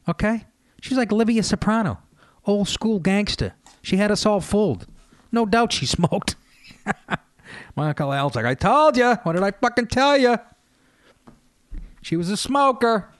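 A man hosting a radio show, telling family stories in a loose, profane, animated comedic monologue. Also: a little high, no echo. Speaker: radio host.

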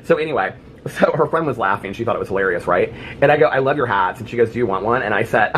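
A man's voice: fairly low pitch, quick pace, a little hiss or hum. A man vlogger telling a funny story, laughing and acting out other people's voices. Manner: animated, laughing storyteller who acts out voices. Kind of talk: casual storytelling vlog.

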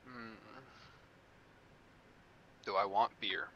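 A man's voice: lowish voice, fairly even intonation, extremely slow, pushed and bright, highs cut off, slight background noise. A man chatting casually with a friend over a voice chat mic while gaming, laid-back and swearing freely. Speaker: gamer in voice chat.

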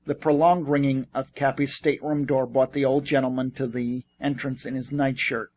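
A man narrating a novel as an audiobook reader. His delivery is steady and even, at an ordinary middle pitch. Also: normal speed, few pauses. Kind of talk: scripted narration.

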